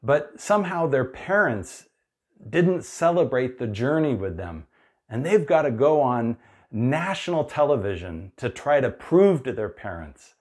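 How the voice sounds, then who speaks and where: A man preaching a sermon in an unhurried, conversational way, dropping into playful voiced asides. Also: mid-range voice, breathy edge. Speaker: pastor.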